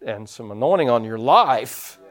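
A man preaching a sermon as pastor, folksy, telling stories and swinging his loudness up and down, from the United States. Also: mid-range voice, lively intonation, measured pace. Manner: folksy storytelling preacher, rising and dropping loudness.

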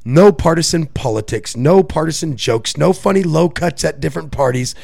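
A man's voice: fairly high pitch, animated, moderate pace, vocal fry, a little mellow. A man from Puerto Rico co-hosting a podcast, chatting casually and loosely, swearing and laughing often. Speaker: podcast co-host. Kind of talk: casual chat.

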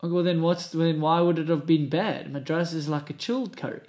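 A man interviewing a guest in a relaxed way, amused and reading out questions. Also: fairly high pitch, a little fast. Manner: amused, laughs along.

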